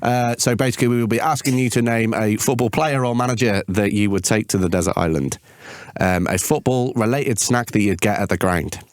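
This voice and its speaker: A man's voice: lowish voice, a little fast, no echo, studio quality. A man co-hosting a casual football podcast, joking and laughing as he chats. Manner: jokey, laughs often, lively banter. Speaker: podcast co-host. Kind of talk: casual chat.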